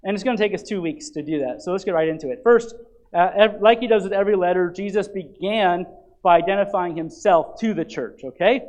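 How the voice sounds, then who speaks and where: High-voiced man preaching a lively sermon. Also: a little fast, poor audio. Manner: animated, emphatic preaching with frequent restarts. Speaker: pastor. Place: church.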